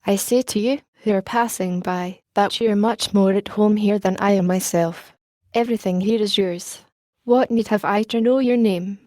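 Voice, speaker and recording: Kind old bishop, gently grave and polished, soft dark tone, read by a woman. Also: medium pitch, normal speed, no echo, clean studio sound, close to an everyday voice.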